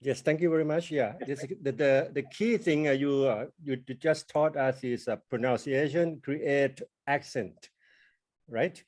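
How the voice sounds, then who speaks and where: Thai guy in an english class, lots of uh's, slow careful english, mid pitch. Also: darkish tone. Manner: hesitant, many fillers and restarts while forming ideas. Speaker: student. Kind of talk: question in online class.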